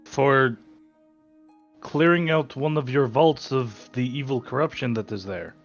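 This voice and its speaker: Tabletop player on a dull mic. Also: male voice, mid-range voice, a little slow, faint music behind. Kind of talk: playing a tabletop game.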